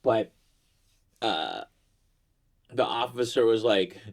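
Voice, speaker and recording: A man's voice: on the low side, lively intonation, takes it slowly, gravelly. A middle-aged man vlogging, telling a comic story in a casual, rambling way that is profane and self-mocking.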